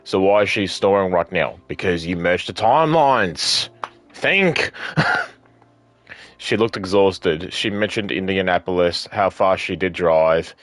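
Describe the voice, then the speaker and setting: A young man with a very low voice, casually streaming a narrative game. He reads lines and journal entries aloud himself, drops jokes and curses, and laughs at the story. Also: no echo. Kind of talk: casual gameplay commentary and reading dialogue aloud.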